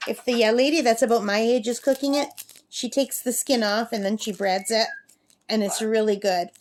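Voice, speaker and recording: A woman with a slightly high voice chats loosely through a crafting vlog, drifting from her work to everyday stories. She reads numbers aloud as she works, and a faint hiss sits under the recording. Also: fairly even intonation, normal speed. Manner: chatty and rambling, reads numbers aloud while working. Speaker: crafting vlogger. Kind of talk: casual chatty crafting vlog. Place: at her summer camp with a talking parrot.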